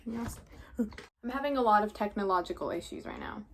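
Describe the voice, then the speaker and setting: Speaking briskly in a mid-range, slightly bright voice over slight background noise, an eighteen-year-old vlogger from New York eats while giving a casual rundown of a musical. She rambles and chats, saying "like" constantly.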